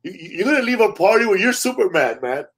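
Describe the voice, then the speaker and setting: A man's voice: sits high, brisk, slightly rough. A man, a stand-up comic, telling stories in casual chat, acting out quotes and swearing freely. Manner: animated storyteller, acts out quotes, swears freely.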